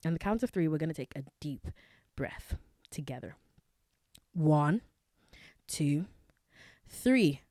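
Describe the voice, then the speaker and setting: Woman host, young, low voice, dry close sound, chatty with many fillers, casual solo podcast. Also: animated, takes it slowly, long pauses, dark tone, no room sound.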